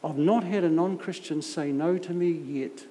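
This sermon comes from a middle-aged visiting preacher whose warm voice sits on the high side and moves at a normal speed. He tells stories with comic, self-mocking asides, and the church hall gives the sound a long echo.

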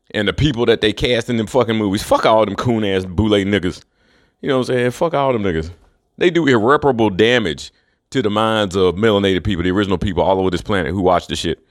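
Low-voiced man ranting scornfully. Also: no echo, clean studio sound. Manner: profane, scornful, chuckles between remarks. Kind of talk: rambling rant monologue.

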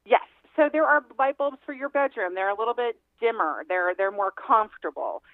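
A woman's voice: fairly high pitch, expressive, normal speed, dry recording. A woman real estate agent, a guest on a radio interview, giving home-selling advice in a chatty, emphatic way and often laughing. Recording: tinny phone line.

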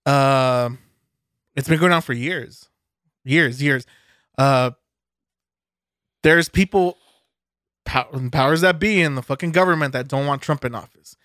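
A man's voice: mid-range voice, a little slow, long pauses, fairly bright tone, dry recording, clean studio sound. A man co-hosting a podcast, ranting cynically in casual chat and swearing heavily. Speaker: podcast co-host. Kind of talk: casual profane rant.

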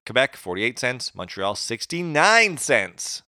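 A man's voice: medium pitch, sing-song, takes it slowly, pushed and bright, no echo, clean studio sound. A man from Atlantic Canada co-hosting a casual podcast, reading facts from notes with jokey asides. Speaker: podcast co-host.

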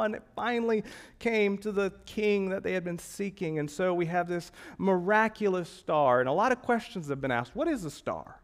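Preaching with a fairly high pitch at a normal pace, this male pastor poses rhetorical questions and alternates between forceful, loud passages and hushed moments.

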